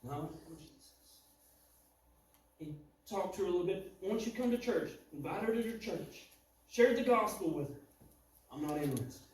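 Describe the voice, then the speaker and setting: A man preaching a sermon, telling a story dramatically, swinging between loud and hushed. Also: high-pitched, animated, moderate pace. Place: church sanctuary. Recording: echoey church from far off, faint noise.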